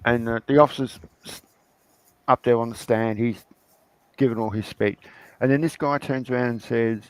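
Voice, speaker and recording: A man's voice: mid-range voice, normal speed, clear, resonant tone, no echo, poor audio. Man telling a story on a call. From Australia. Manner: animated storyteller acting out courtroom voices. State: tired after a night shift. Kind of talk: casual chat.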